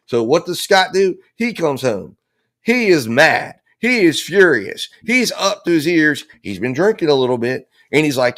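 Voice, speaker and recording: A man's voice: medium pitch, animated, normal speed, a bit bright. Impassioned man theorizing on a live stream. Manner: impassioned, theorizing, acts out quoted lines. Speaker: true-crime trial commentator.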